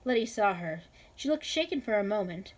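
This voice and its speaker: A woman reading a novel aloud in a measured, expressive way. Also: medium pitch, rough recording. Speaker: reader.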